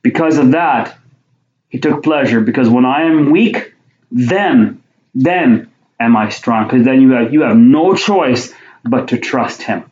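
A man's voice: mid-range voice, lively intonation, unhurried, a little mellow. A man preaching a sermon, reading Bible verses aloud and then explaining them in plain conversational talk, often repeating his words. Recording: roomy, dull lo-fi sound.

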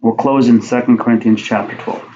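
A man's voice: medium pitch, steady tone, a little fast, mellow, a little hiss or hum. Man preaching, reading scripture aloud. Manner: reads King James verses aloud, then explains them conversationally with repeated words. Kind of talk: sermon with Bible reading. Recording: roomy, dull lo-fi sound.

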